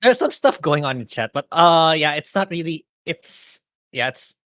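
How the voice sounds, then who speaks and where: A man's voice: on the high side, very animated, normal speed, a bit bright, no echo. A man co-hosting a podcast, speaking hesitantly with restarts while watching the chat. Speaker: podcast co-host. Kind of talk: casual chat.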